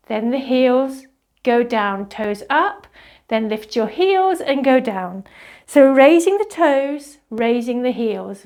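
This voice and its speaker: A woman leading a qigong movement class, giving soft, slow guiding instructions. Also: a little high.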